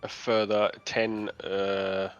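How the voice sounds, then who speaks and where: A man's voice: on the low side, flat delivery, slow, smooth, lo-fi sound, soft background music. A man playing a tabletop game, thinking aloud and fumbling over his rules. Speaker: player. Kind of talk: casual tabletop game play.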